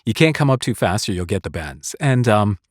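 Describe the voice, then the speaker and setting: Man, voice actor vlogging about craft, low voice, dry close-mic sound, earnest and rambling. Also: big pitch swings, fairly quick, dry recording. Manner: earnest, rambling, with restarts and short laughs. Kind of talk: casual talk on voice-acting craft. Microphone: close studio microphone.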